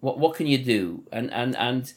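A man's voice: medium pitch, expressive, normal speed. A man with a Liverpool accent, a podcast host and father, talking in a thoughtful, casual way with many restarts. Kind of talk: casual conversation.

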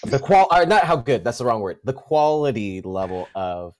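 Chatty male podcast guest, rambling and animated, lively pitch swings. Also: moderate pace. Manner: rambling, restarts sentences, laughs often. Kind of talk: casual chat.

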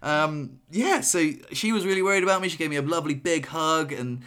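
A man's voice: on the high side, a little fast, smooth. Guy on a podcast, rambly, keeps restarting, acts out what he said. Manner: rambling storytelling with many restarts and animated quoted asides. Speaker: podcast co-host. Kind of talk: casual podcast chat.

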